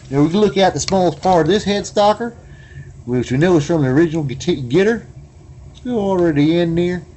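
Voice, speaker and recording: A man's voice: fairly high pitch, darkish tone, slight background noise. A man hosting a casual video journal, rambling in a laid-back way and keeping up a running "you know what I mean" as he looks over an old guitar. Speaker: guitar collector and video host.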